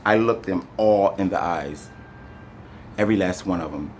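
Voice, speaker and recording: Man telling a painful story, halting. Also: sits low, a little hiss or hum. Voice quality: rambling, halting with many fillers and restarts. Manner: animated, addresses viewers directly. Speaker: storyteller recounting an arrest. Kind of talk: emotional first-person storytime to camera.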